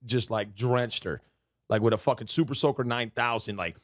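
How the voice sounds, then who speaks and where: A man's voice: mid-range voice, normal speed, no echo, clean studio sound. A man streaming a game, ranting heatedly and swearing constantly in casual chat. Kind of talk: casual live-stream rant.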